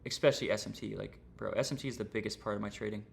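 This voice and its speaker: A man's voice: on the low side, steady tone, rapid-fire, vocal fry, a little hiss or hum. A young man teaching trading on a livestream, casual and rambling, full of slang and fillers. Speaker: trading streamer.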